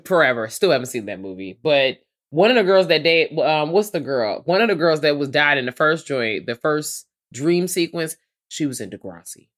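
A woman co-hosting a casual movie review podcast, talking in an animated, slangy way. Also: sits low, normal speed. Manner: animated, slangy, laughs while telling. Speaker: podcast co-host.

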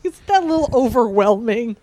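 A woman's voice: on the high side, animated, brisk, dark tone, poor audio. A woman co-hosting a podcast, recapping a comic in loose, profane chat and laughing often. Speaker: podcast co-host.

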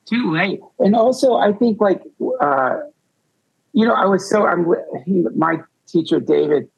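A man's voice: high voice, measured pace, gravelly, breathy edge, dull audio. A man on a retreat panel, talking in a rambling way with self-deprecating humor. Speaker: podcast host.

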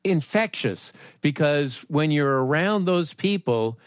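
A man's voice: a little high, lively intonation, unhurried, no echo, studio quality. A man hosting a casual interview who laughs often and does impressions of people he knows. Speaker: podcast host.

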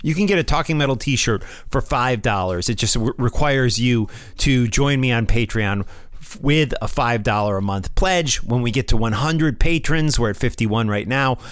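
A man's voice: mid-range voice, moderate pace, no room sound, clean studio sound. A middle-aged man from the United States hosting his own podcast, talking in a rambling, casual way with restarts, recorded at home. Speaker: podcast host. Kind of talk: casual solo podcast chat. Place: home room. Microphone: phone.

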